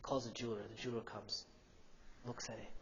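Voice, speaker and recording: Male imam telling a story to kids at the mosque, lively, asks the crowd stuff, long hall echo, kinda muffled. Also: medium pitch, fairly quick. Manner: animated storyteller, asks the audience questions. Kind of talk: youth sermon with storytelling. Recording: dull, echoey hall recording with faint hum.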